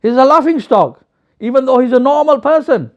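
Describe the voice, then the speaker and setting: Lively high-voiced preacher. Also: male voice, brisk. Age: young adult. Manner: lively, animated storytelling with acted quotes. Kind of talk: storytelling sermon. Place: mosque. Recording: slightly dull lo-fi recording.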